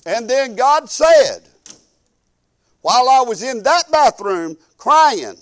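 A high-voiced man preaching from the pulpit. He talks in a folksy, homespun way. He moves from loud, pressing exhortation to low, quiet asides. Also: sing-song, slow. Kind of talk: sermon.

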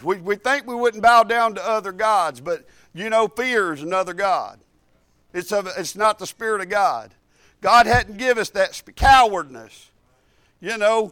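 A man's voice: sits high, fairly bright tone, clean tone, no echo, studio quality. A man preaching a sermon to a church, repeating phrases and building in emphatic bursts. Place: church service.

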